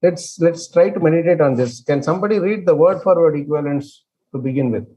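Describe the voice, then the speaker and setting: A man leading an online scripture class. He explains with many fillers and restarts and chants verses very slowly. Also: on the high side, dark tone. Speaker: scripture study teacher.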